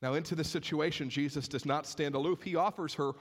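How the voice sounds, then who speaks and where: Male pastor with a slightly high voice, preaching expressively, urgent one moment and hushed the next. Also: brisk. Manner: expressive, swings between raised urgency and hushed gravity. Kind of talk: sermon.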